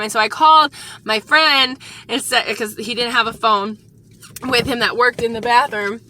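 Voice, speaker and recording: Woman, casual storytime vlog, rambling, earnest, high bright voice. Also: steady tone, a little fast. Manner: rambling, shaken, earnest warning. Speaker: vlogger.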